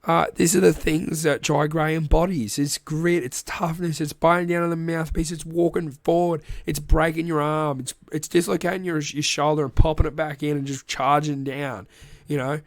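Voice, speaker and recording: A man's voice: fairly high pitch, level tone, moderate pace, no echo. An Australian man hosting a casual sports recap podcast, rambling, joking and swearing freely. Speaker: podcast host.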